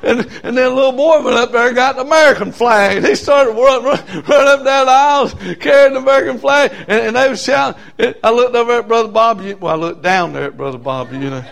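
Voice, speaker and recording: A man preaching a storytelling sermon, dropping to hushed asides and rising to shouted hollers. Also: very high voice, quick pace, gravelly, hardly any pauses.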